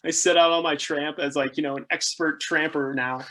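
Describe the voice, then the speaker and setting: A man in his thirties tells his travel adventures as a podcast guest. He laughs a lot and pitches up sharply to act out the people in his stories. His voice sits a little high. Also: a little fast. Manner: animated, laughing, acts out quoted people with jumps in pitch. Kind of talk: casual storytelling interview.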